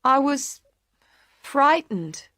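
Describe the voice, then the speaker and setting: A woman voicing a nervous, eager young girl in a story, speaking high and bright. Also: very animated, extremely slow, dry recording, clean studio sound, heavily acted. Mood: earnest.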